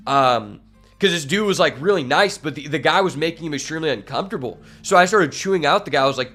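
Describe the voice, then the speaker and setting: Guy on stream rambling a story mid card game, cusses a lot, slightly high voice, guitar music under it. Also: lively intonation, fast talker, fairly bright tone. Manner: rambling, swears freely, many fillers. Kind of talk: casual storytelling while gaming.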